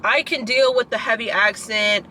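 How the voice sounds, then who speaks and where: A woman's voice: on the high side, fairly even intonation, normal speed, sharp tone, slight background noise, rough recording. A 22-year-old woman in a casual vlog, ranting in frustration straight to her viewers and leaning on lots of "like" and "girl". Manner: filler-heavy, keeps saying "like" and "girl". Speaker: vlogger and student.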